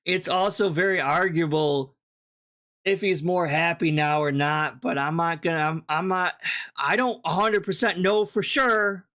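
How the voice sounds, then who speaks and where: A man rants through reaction commentary with blunt, profane dismissiveness. His voice sits slightly high for a man, and he talks loosely and casually. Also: a little slow, sharp tone. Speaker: commentary streamer.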